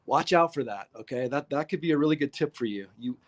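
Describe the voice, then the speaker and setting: A man's voice: medium pitch, animated, fast. A man hosting a casual live-stream painting lesson, chatty and upbeat, greeting viewers in the chat by name.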